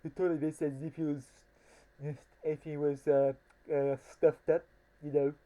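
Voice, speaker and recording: A woman's voice: low-pitched, little pitch movement, moderate pace, warm tone, close to an everyday voice, low-quality recording. A woman voicing a little toy wolf who talks through a blocked nose. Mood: explaining. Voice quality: stuffed-up nasal.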